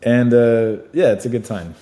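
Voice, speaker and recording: A man's voice: medium pitch, moderate pace, mellow. A man, an actor being interviewed, chatting casually with many fillers and easy laughs. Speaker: actor guest. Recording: echoey room with faint noise.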